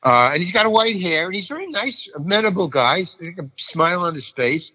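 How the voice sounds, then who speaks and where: A man's voice: high voice, sing-song, fairly quick, pushed and bright, in a large hall, rough recording. An older man telling a story about an audition, acting out the people in it and often repeating himself. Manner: restless, repeats himself, acts out each person in the story. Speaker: actor telling an anecdote. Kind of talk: animated storytelling.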